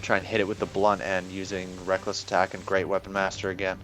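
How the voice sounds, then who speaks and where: Low-voiced man playing a tabletop game. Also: completely flat delivery, quick pace, fairly bright tone, soft background music. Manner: casual, hesitant, with fillers. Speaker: player. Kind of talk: casual tabletop play.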